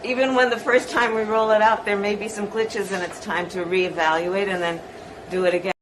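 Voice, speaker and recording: A woman politician in a played clip, speaking emphatically and slowly. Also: mid-range voice, level tone, fairly bright tone, a little hiss or hum, low-quality recording. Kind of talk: public speech clip.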